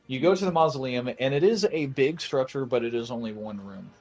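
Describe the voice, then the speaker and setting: A young man narrating as game master in a casual tabletop game, with frequent fillers and pauses. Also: medium pitch, darkish tone.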